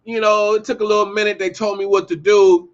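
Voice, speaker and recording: A man hosting his own show, giving a heated, profane commentary monologue and telling animated stories. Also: high voice, fairly quick, highs cut off. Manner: profane, ranting, animated storytelling. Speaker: podcast host.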